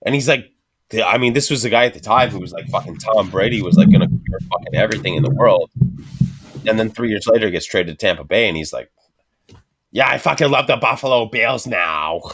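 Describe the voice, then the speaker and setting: A man's voice: on the low side, fast, husky. A man in crude, joking casual banter as podcast host, swearing heavily.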